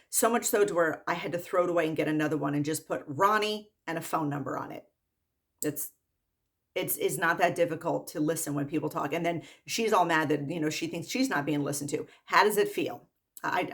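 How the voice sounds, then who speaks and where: A woman medical worker ranting in a vlog monologue, exasperated, repeating herself and rattling off quick lists. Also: deep voice. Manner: exasperated, repetitive, rapid-fire lists.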